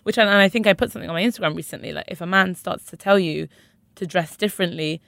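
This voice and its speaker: A woman's voice: fairly low pitch, fast talker, gravelly, a bit bright, no room sound, clean studio sound. A young woman frankly telling her own story as an interview guest, emphatic and conversational. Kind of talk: candid personal storytelling.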